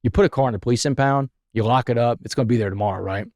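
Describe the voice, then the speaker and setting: A man's voice: mid-range voice, rapid-fire, darkish tone, no echo, studio quality. A man, a podcast guest, telling his life story in a vivid, dramatic way.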